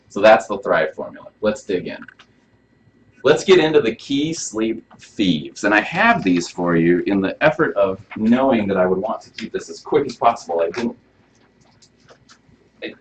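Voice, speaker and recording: Low-voiced man giving a casual workshop talk. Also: animated, moderate pace, a little hiss or hum. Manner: casual and conversational, asking the audience questions. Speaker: chiropractor leading a health workshop. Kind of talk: live workshop talk to an audience. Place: room with a small live audience. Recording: dull lo-fi recording.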